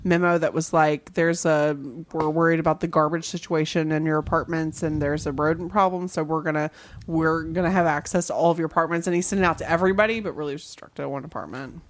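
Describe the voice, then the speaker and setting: A woman with a slightly low voice hosts a loose podcast chat, reading strange news articles aloud between jokes. Her delivery is casual and chatty. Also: steady tone, fast, slight background noise. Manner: reads articles aloud, laughing banter. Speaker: podcast host.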